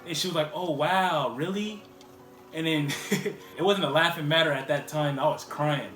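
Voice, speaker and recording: Fast-talking high-voiced man telling a story. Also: steady tone, fairly bright tone, roomy sound, a little hiss or hum. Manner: rambling, heavy use of "like" fillers. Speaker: vlogger. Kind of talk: casual storytime.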